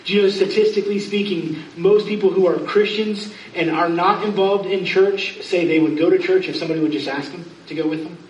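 High-voiced pastor preaching in an echoey church. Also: male voice, steady tone, dull audio, slight background noise. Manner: conversational, emphatic, quick asides. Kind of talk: sermon. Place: church sanctuary. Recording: roomy church sound, distant mic.

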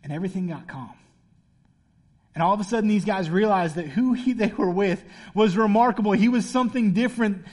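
A man's voice: high-pitched, fairly quick, darkish tone. A man as a pastor preaching a sermon in a casual, playful storytelling way.

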